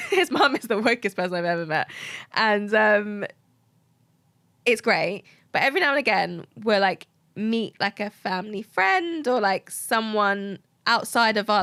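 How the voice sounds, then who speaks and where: A woman's voice: mid-range voice, fairly bright tone, no room sound. A woman, a guest telling personal stories in casual conversation, her talk full of "like" fillers. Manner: chatty, heavy use of "like" fillers. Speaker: guest, agency founder.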